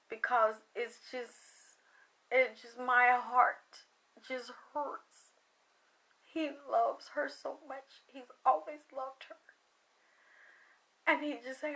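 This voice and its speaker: A woman's voice: on the high side, level tone, slow pace, fairly bright tone. A tired woman talking to her livestream viewers, emotional and rambling, often trailing off into sighs. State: tired from late night. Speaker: psychic reader.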